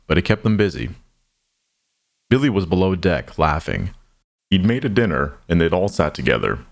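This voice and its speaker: A man narrating an audio drama with a low, deep voice. His delivery is measured and somber, taking his time over each line.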